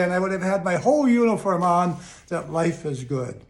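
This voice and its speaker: A man's voice: high-pitched, expressive, moderate pace. An older man giving a casual, earnest, upbeat motivational talk to camera, often repeating his phrases. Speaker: motivational video host. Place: home in Chicago.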